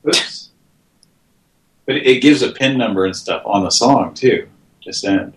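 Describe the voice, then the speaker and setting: Deep-voiced rambling male host. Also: unhurried, fairly bright tone, roomy sound, a little hiss or hum, poor audio. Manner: rambling, filler-heavy. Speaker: show host. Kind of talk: casual late-night chat.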